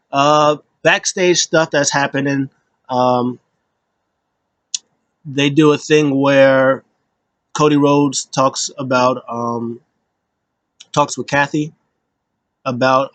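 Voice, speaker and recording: A man talks through a wrestling recap in a loose, rambling way, full of ums and restarts. His voice sits at a middle pitch. The sound is dry and close, with no room around it. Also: fairly bright tone, no room sound. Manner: rambling, filler-heavy, jumps into quoted voices. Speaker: wrestling show recap host. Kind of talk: casual solo recap.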